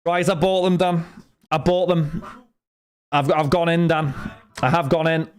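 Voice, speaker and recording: Young man, live stream chat, rambling, chatty, a bit high-pitched. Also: fairly even intonation, measured pace. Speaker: card break streamer.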